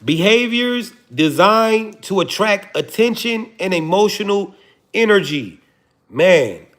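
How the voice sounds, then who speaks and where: A man's voice: on the high side, fairly bright tone. A man, hosting a livestream and joking profanely to his chat before preaching his point. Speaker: livestream host. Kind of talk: casual livestream talk to chat.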